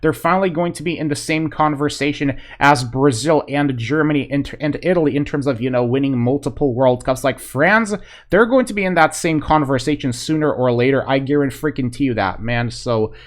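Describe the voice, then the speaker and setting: A man's voice: medium pitch, a little fast. Male vlogger, casual football reaction, rambling and hyped, mid-range voice. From Polish fan. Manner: excitable, rambling, lots of fillers like "man" and "you know". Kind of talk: casual video reaction commentary.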